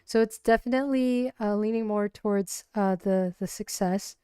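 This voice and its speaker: A woman narrating her solo tabletop role-playing game on a livestream, halting with many restarts. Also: mid-range voice, dark tone, clean tone, no echo, clean studio sound.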